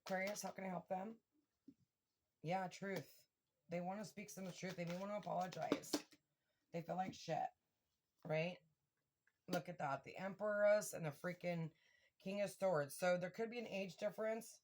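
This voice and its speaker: Woman, tarot reader, casual and excitable, curses a lot, talks right at the viewers. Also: fairly low pitch, normal speed, pauses often, slight background noise. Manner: excitable, swears freely, addresses viewers directly. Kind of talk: casual tarot reading to camera.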